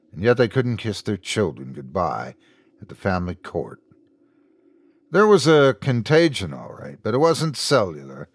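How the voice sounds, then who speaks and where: A man narrating a scripted horror story as the show's host, reading slowly and dramatically. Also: dry recording. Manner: slow, dramatic storytelling with wide pitch swings.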